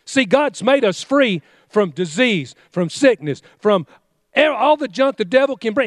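A man's voice: very high voice, lively intonation, unhurried, no echo, clean studio sound. A male pastor preaching a fiery sermon, exhorting his congregation with call-and-response commands.

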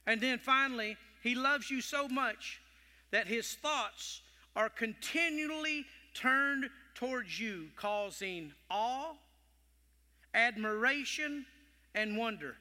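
A male preacher delivering an animated sermon, dropping to whispers and rising to loud calls. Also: very high-pitched, slow pace. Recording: long hall reverb.

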